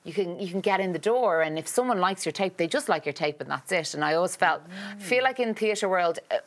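A young adult woman, an actor, chatting as an interview guest, talking in quick loops with lots of restarts and "like". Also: lowish voice, expressive. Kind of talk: casual interview chat.

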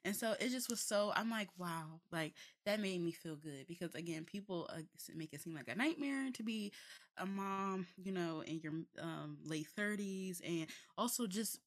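A young woman co-hosting a casual podcast chat, telling stories in an animated way, full of fillers, restarts and laughter. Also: mid-range voice, moderate pace. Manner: chatty, animated storytelling with frequent laughs. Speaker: podcast co-host.

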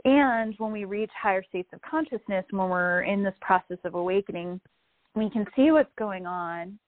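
Calm woman on a tinny call line. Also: medium pitch, moderate pace, dry recording. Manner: calm, reflective, gently explanatory. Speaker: guest speaker. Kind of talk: spiritual wellness talk. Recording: tinny phone-line audio, dry.

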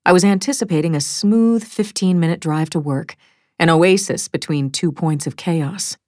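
A woman reading a first-person thriller audiobook in a measured, wry storytelling manner, close to a studio mic. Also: lowish voice, mellow, dry recording. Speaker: audiobook narrator.

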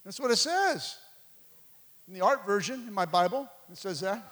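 A man's voice: high voice, expressive, normal speed, fairly bright tone. A man preaching a sermon as a pastor, emphatic and conversational, pressing his points home.

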